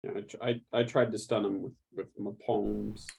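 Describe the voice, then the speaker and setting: A man's voice: fairly low pitch, little pitch movement, moderate pace, gravelly, mellow, breathy edge. A man playing a live-streamed tabletop game, stammering a little and making wry jokes.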